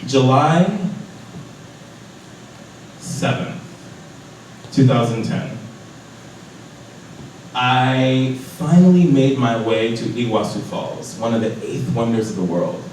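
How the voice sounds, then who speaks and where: A young man reading his diary entries aloud to a live audience, lively, putting on voices for the people he quotes. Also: mid-range voice, slow pace, long pauses, slight background noise. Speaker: storyteller at a live event. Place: large echoey hall. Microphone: distant from the microphone. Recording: echoey hall from far off.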